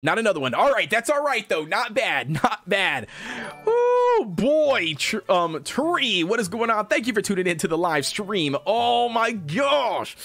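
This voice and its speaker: A man livestreaming a game in a high, bouncy voice that leaps all over the place. He is excitable and hyped, cheering at the screen and hyping up his chat. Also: moderate pace, few pauses. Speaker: gaming livestreamer. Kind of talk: live gameplay commentary.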